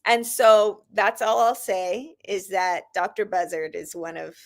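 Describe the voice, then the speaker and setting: A woman's voice: mid-range voice, measured pace, creaky. A woman author, a guest on a podcast, telling a story in a casual, emphatic way with lots of fillers. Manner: animated, emphatic retelling with fillers.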